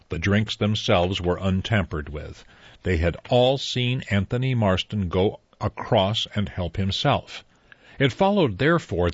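A male audiobook narrator tells the story in a measured way, his voice low and husky. The recording is dry and close. It is also dull and lo-fi. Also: no room sound. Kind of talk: scripted narration.

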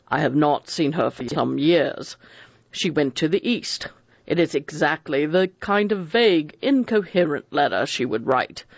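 A man's voice: a little high, gravelly, no room sound, highs cut off, heavily acted. A man voicing a precise, cold elderly judge who chooses his words with care. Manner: measured, picks words with care.

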